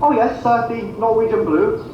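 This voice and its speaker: Brief: a high, sing-song, shifty shopkeeper, heard from afar in a very echoey room. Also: male voice, moderate pace, background noise. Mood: evasive. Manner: evasive, hesitant, shifty excuses. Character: evasive male shopkeeper who denies everything. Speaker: pet shop owner in a comedy sketch. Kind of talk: sketch comedy acting. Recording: echoey, distant, dull clip from speakers.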